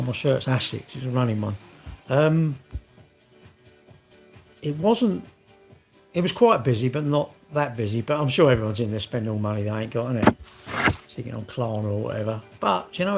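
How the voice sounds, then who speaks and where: A man's voice: medium pitch, gravelly. A middle-aged man, rambling in casual vlog chat, swearing and joking. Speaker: vlogger.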